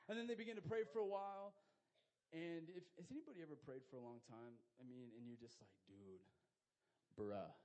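A young man giving a casual, slangy sermon, telling jokey stories with sudden loud bursts. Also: on the high side, rough recording. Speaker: youth pastor.

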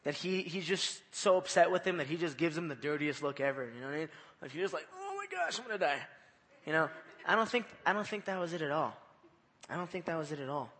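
A man's voice: on the high side, fast talker, a bit bright. A man preaching a conversational evening sermon in church, repeating his phrases and putting questions to the listeners. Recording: long reverb of a hall.

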